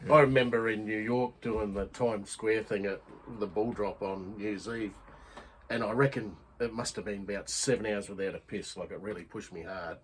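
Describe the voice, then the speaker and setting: A man's voice: fairly low pitch, fairly even intonation, normal speed, slight background noise, poor audio. A man with an Australian accent, telling crude, laughing anecdotes in a casual chat.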